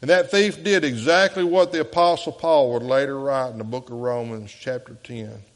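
A pastor with a Southern US accent preaches an earnest sermon. His voice rises into loud appeals, then drops to hushed, slow quotes. His voice sits at a middle pitch, and a long reverb hangs around it from the church sanctuary.

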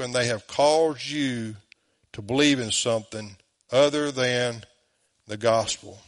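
A man's voice: mid-range voice, measured pace. A man with a Southern US accent, preaching a sermon as pastor, emphatic and full of rhetorical questions, in a church.

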